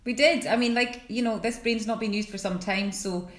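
A woman's voice: on the high side, normal speed, reverberant. A Scottish woman chatting casually as a podcast co-host, giggly and a little scattered. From Scotland. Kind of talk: casual chat.

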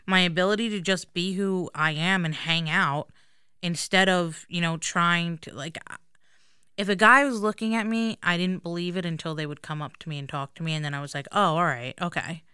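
A woman's voice: on the low side, pushed and bright, clean tone, no room sound, studio quality. A young adult woman co-hosting a podcast, chatting candidly and casually, swearing now and then. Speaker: podcast co-host. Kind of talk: casual chat.

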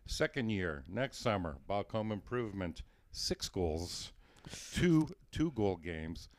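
A man's voice: fairly low pitch, very animated, slow pace. A man hosting a podcast, telling a self-deprecating story in a casual way and laughing through it. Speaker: podcast host.

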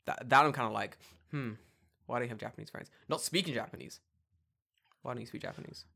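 A man's voice: mid-range voice, quick pace, vocal fry. A man in casual podcast chat, telling stories with lots of swearing and mocking voices. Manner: swearing, animated storytelling with mocking put-on voices.

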